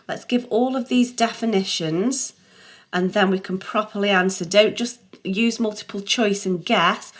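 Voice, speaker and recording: A middle-aged woman walks through exercise answers as a music theory teacher, patient and encouraging. She talks like a steady online tutor, reassuring the learner and correcting herself along the way. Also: medium pitch.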